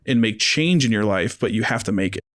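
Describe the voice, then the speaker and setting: A man's voice: on the low side, expressive, fairly quick, a bit bright. A man in casual podcast conversation, rambling and leaning heavily on "like" and "you know what I mean". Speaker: podcast guest.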